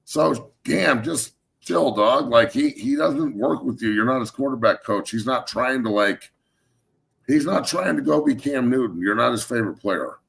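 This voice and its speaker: Male sports talk host, gravelly, heated and profane, mid-pitched voice. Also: animated, moderate pace. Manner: fired up, profane, swings loud and emphatic. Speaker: show host, former NFL lineman.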